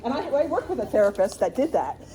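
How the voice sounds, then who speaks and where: A middle-aged woman leads a conference workshop on grief, her voice warm and mellow but swinging widely in pitch. She talks in a chatty, lively way, laughing and tossing "right?" to the room. A faint hum of room noise sits under her. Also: fast talker. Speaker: grief counselor presenter.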